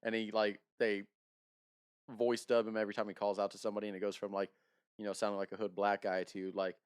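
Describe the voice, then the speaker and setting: A man co-hosting a podcast in casual chat, relaxed, often searching for words and trailing off. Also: on the low side, quick pace, smooth, no room sound, studio quality. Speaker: podcast co-host.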